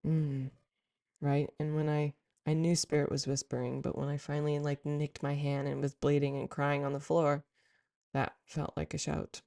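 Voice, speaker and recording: A woman's voice: low-pitched, flat delivery, moderate pace, creaky, warm tone. A woman giving a reflective spiritual talk to her viewers, meandering and heartfelt, with frequent fillers. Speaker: spiritual content creator.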